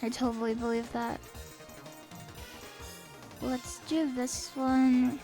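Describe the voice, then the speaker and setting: A woman's voice: high voice, little pitch movement, slow pace, rough recording. A woman streamer chatting in a rambling, playful way while playing a game, a little sniffly. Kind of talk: casual game stream chat. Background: faint game music.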